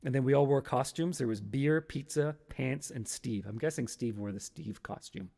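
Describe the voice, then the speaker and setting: A man's voice: mid-range voice, normal speed, gravelly, a little mellow. A man in his fifties hosting a casual solo stream, rambling and nostalgic, now and then acting out an old sketch in silly voices. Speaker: podcast host.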